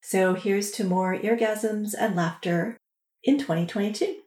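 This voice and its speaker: A woman podcast host talks casually at a medium pitch, chatty and laughing lightly. Her voice rings in a roomy, echoey space. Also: a little slow, darkish tone. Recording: echoey room.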